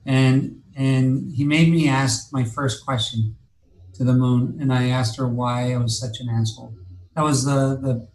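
A man spins a long personal tale as a guest, swearing freely and circling back with "uh" and "and, and" as he goes. His mid-pitched voice carries a roomy echo, as if the room around him is bare. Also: fairly even intonation, measured pace, darkish tone, a little hiss or hum. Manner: rambling, profane, many fillers and restarts. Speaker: interview guest. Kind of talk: casual storytelling.

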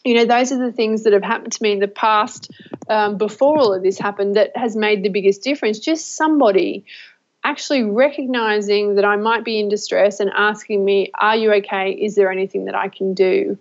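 Halting, emotional woman vlogger. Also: mid-range voice. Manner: emotional, halting, many fillers and restarts. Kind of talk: heartfelt personal talk to camera. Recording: dull lo-fi recording.

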